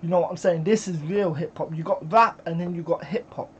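A British man reacting to music in casual commentary, excitable and exclaiming, with frequent swearing. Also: on the high side, fairly quick, slight background noise.

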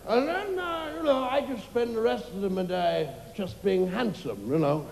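A man's voice: high voice, normal speed, gravelly, a little mellow. A man playing a vain, preening man who boasts about his looks in a smug, self-satisfied way, live on a comedy club stage. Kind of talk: live stand-up character comedy. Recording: reverberant live venue, faint ambience.

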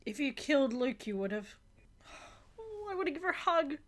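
Young woman reacting to a TV episode, very high and bright voice, excitable, shouting and swearing. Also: a little fast. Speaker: reaction video host.

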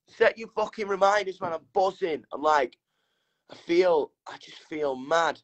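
Excitable, sweary British man, fairly high. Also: lo-fi sound. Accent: British English. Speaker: musician hosting a livestream. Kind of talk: casual livestream chat. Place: hotel room.

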